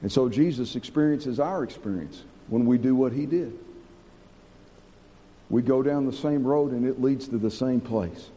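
A man preaching a sermon to a congregation, earnest, slowing down and dropping low to stress key points. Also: dark tone, long reverb tail. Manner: earnest, slows and drops low for emphasis.

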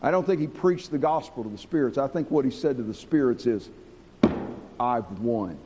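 A man preaching a sermon to a congregation, earnest, slowing down and dropping low to stress key points. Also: lively intonation, dark tone, in a large hall, a little hiss or hum. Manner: earnest, slows and drops low for emphasis.

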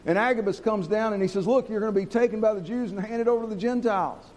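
A man preaching a sermon to a congregation, earnest, slowing down and dropping low to stress key points. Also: darkish tone, in a large hall. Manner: earnest, slows and drops low for emphasis.

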